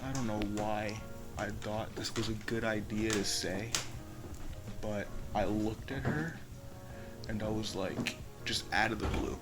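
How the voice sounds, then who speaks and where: A man's voice: on the low side, steady tone, measured pace, loud music behind the voice, poor audio. A young man telling a casual story-time tale, rambling and profane with lots of fillers and restarts. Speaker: vlogger.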